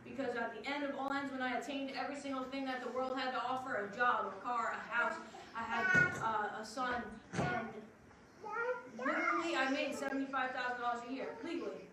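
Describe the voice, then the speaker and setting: A high-voiced woman from Long Island, New York, a program assistant director, gives spoken testimony to a congregation in a steady tone, earnest and emphatic with drawn-out pauses. The recording is distant and noisy, in a very echoey hall.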